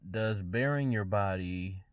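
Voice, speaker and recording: Low-voiced man musing aloud, halting. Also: no room sound. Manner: halting, restarts phrases often, musing aloud. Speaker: podcast host. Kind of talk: casual solo commentary.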